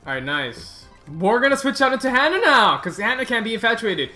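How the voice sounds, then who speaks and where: A man giving casual, rambling gameplay commentary as host of his gaming channel, excitable and quick to groan and swear at the game. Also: very high-pitched, soft background music.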